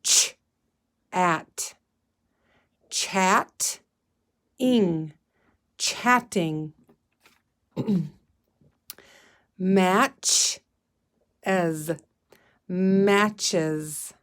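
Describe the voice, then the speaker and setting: A woman teacher leading a phonics lesson, slowly sounding out word parts and encouraging her young listeners. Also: on the low side, fairly bright tone. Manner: encouraging, calls listeners "friends". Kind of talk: guided reading phonics lesson.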